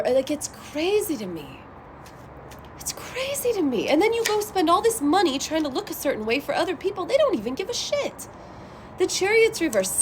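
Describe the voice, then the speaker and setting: A young adult woman talks bluntly through a casual tarot reading, swearing freely and getting heated. Her voice sits fairly high and swings widely up and down. A faint hiss runs under the recording. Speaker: tarot reader.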